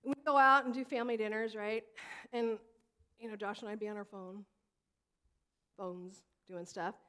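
A woman in her thirties preaching a sermon as pastor, in a conversational, animated way that slips into acted quotes. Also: mid-range voice, normal speed, clean tone.

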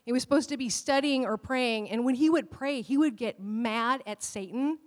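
A middle-aged woman pastor giving a sermon in an animated way, laughing often and acting out quotes in a high voice. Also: moderate pace. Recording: long hall reverb.

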